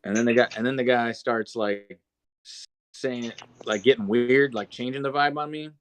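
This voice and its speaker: A young man hosting a podcast, telling a story in a relaxed, rambling way with lots of fillers. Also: mid-range voice, moderate pace, a little hiss or hum. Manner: laid-back rambling with many fillers. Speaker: podcast host. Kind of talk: casual storytelling chat.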